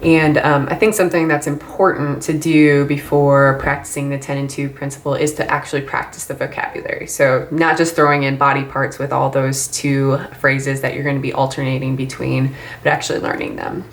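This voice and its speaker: A woman training volunteer English mentors in a relaxed, chatty way, with frequent ums and light laughs. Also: a bass voice, fairly quick, few pauses. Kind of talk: casual instructional talk. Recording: echoey room, faint ambience.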